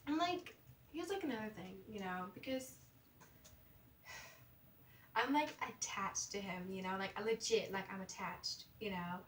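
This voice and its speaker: Speaking at a measured pace with frequent pauses, this young woman's medium-pitched voice comes from far off the mic in a roomy room with a faint hum behind it. Her casual confessional vlog rambles, padded with "like" and "you know" and broken by stutters and mumbles.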